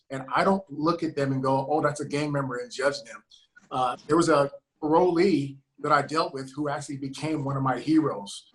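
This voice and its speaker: A man with a slightly high voice tells a heartfelt story from his police work. He speaks earnestly and emphatically, acting out what others said. He sounds like he's on a video call. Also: fairly bright tone, low-quality recording. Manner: earnest, emphatic, acts out quoted dialogue. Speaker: sheriff's deputy guest.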